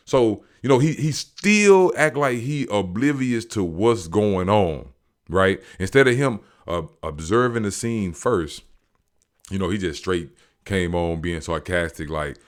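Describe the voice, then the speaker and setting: Deep-voiced man, slangy animated recap. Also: unhurried. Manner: animated, slangy, acts out quotes. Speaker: show recapper. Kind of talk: casual storytelling recap.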